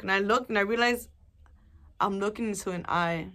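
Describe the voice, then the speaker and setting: A woman's voice: mid-range voice, brisk. A young woman talks straight to her viewers in a loose, rambling way. She swears often and leans on fillers as she tells her story. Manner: rambling, animated, swears a lot, many fillers. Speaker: vlogger. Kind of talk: casual storytelling to camera.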